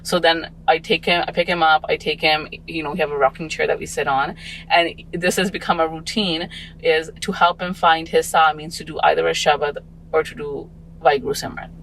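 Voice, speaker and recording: A woman's voice: low voice, level tone, fairly quick, creaky, fairly bright tone, a little hiss or hum, poor audio. A woman in her forties, a parent talking as a podcast guest, reflective and rambling with many fillers. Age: 40s. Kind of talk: casual podcast conversation.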